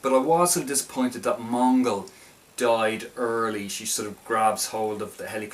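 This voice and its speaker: A man's voice: fairly low pitch, fairly even intonation, normal speed, distant mic. A man casually reviewing a film, talking in a hesitant, stop-start way with many restarts.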